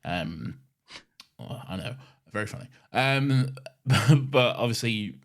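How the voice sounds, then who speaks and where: A podcast co-host chats casually, laughing often and swearing now and then. His medium-pitched voice is animated, and he takes his time speaking.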